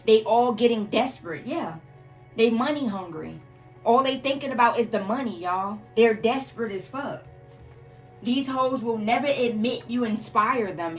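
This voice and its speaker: Woman with a somewhat high voice giving a blunt, cuss-heavy tarot reading straight to her viewers over faint music. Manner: emphatic, profane, repeats "y'all" and "collective". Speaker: tarot reader.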